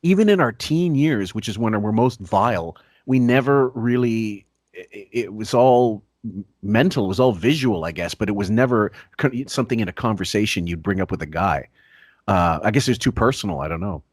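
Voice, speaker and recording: A man hosting a podcast in casual chat, laughing often, swearing freely and dropping his voice low for asides. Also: lively intonation, moderate pace, no echo, studio quality. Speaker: podcast host.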